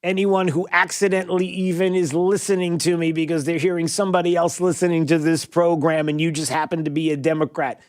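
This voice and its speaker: A man hosting a talk radio show, giving animated, sarcastic commentary and often laughing at his own remarks, on a studio microphone. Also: a little high, brisk, few pauses, no room sound.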